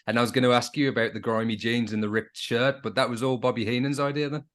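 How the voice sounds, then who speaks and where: A man's voice: mid-range voice, steady tone, quick pace, fairly bright tone. A man in his thirties hosting a podcast, asking eager follow-up questions. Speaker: podcast host.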